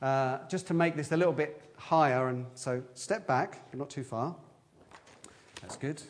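A man giving a lively, interactive children's talk in a church service, quizzing the children as he goes. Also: mid-range voice. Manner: lively, questioning the children, quick asides.

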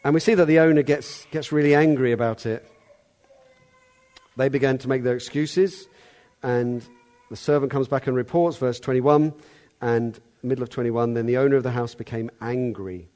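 A man preaching a sermon in a conversational way, now and then calling out loud to act a part. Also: medium pitch, normal speed. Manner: conversational, acts out the servant's calls loudly.

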